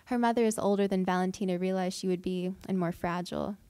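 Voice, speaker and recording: A woman, a fiction writer, reading her own prose aloud at an event with measured, deliberate delivery. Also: on the low side, steady tone, dark tone, clean tone, no room sound. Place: event hall.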